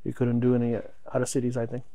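A man's voice: mid-range voice, monotone, racing, heavy background noise. A man, a hockey player guest, talking in an easygoing, rambling way. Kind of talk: casual chat.

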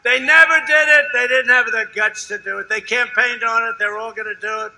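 An older man addresses a rally in a very bright, brassy voice that sits fairly high for a man. He brags and repeats himself, rambling from point to point. He swings from shouted lines to low, confiding asides. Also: little pitch movement, fairly quick, creaky, rough recording. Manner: boastful, rambling, repetitive, shifts between loud shouting and hushed asides. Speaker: politician at a campaign rally. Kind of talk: rally speech. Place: outdoor rally before a large crowd.

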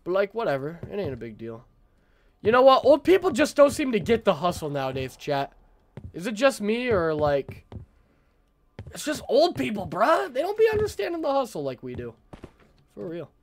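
A man streaming a horror game, talking to his chat with frantic, profane yelling reactions. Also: high voice, wildly swooping pitch, normal speed, slight background noise. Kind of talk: live gameplay commentary to chat.

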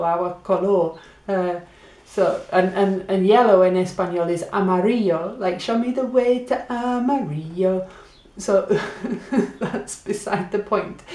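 A woman teaching a Spanish lesson for beginners, repeating words slowly for learners. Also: medium pitch, darkish tone, reverberant. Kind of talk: language lesson.

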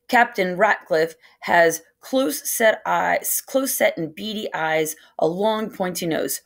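A woman teacher reads a novel aloud to her class in a steady, even storytelling voice. Her pitch sits low and a gravelly fry runs through it. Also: measured pace, hardly any pauses. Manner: steady first-person story reading.

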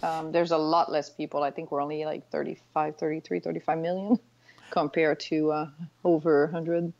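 A woman's voice: deep voice, flat delivery, moderate pace, creaky, darkish tone. A woman with a French Canadian accent whose first language is French, a guest in a casual interview who sometimes searches for her English words. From Quebec City, Canada. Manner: friendly, hesitant, searching for words. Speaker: guest, online seller. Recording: dull lo-fi audio.

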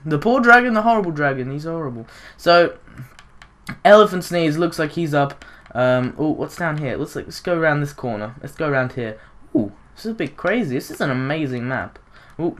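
Young man, gaming YouTuber, rambling excitable commentary with gasps and giggles. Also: fairly high pitch, moderate pace. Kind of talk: casual gameplay commentary.

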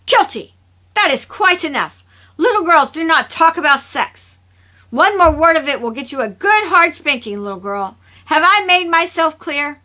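A woman doing a fierce, guarded young woman with a sharp, scolding delivery. Her voice sits high and bright, part of a read-aloud story. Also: expressive, moderate pace. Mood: stern.

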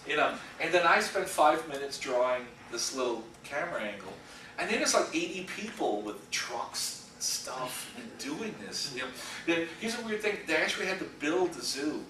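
A middle-aged animation storyboard artist with a slightly high, pushed and bright voice speaks expressively at a moderate pace. His casual guest lecture in a school lecture room wanders through anecdotes, with frequent laughter and acted-out quotes. The echoey room is captured on a distant mic with faint hiss.

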